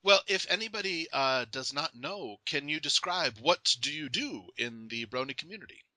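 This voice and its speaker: A man's voice: a little high, animated, normal speed, pushed and bright, no room sound, poor audio. A man hosting a casual podcast interview, joking around and laughing often. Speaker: podcast host.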